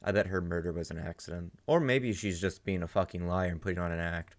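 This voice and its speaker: A man's voice: low voice, fast talker, faint music behind. A man hosting a reaction video, speculating aloud in a casual, blunt way as he watches. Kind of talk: casual commentary while watching.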